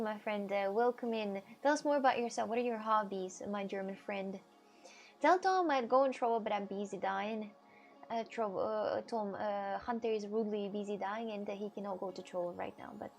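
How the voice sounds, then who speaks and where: Chatty woman streamer with a gravelly edge. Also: mid-range voice. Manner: chatty and playful, laughs often, greets viewers warmly. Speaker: live streamer. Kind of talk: casual livestream chat, reading viewer messages aloud. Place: at home.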